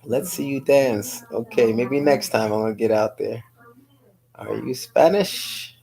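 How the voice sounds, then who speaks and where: New lady guesting on a livestream, slow talker, kinda gravelly, laughs a lot, chats with the viewers. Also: very deep voice, dark tone, low-quality recording. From New York City. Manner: chatty, laughs often, answers viewers by name. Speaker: guest on a live-streamed show. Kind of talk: casual chat, reading viewer comments aloud.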